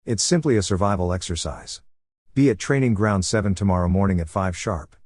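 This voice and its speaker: A man's voice: low voice, brisk, a little mellow, no echo, clean studio sound. A man reading a laid-back ninja teacher. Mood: easygoing. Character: relaxed, teasing adult male ninja teacher.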